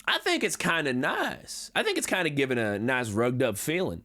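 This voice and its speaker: At a moderate pace, a man in character as a chatty cowboy con man streams a game, going through chat with folksy phrasing and abrupt high, excited jumps.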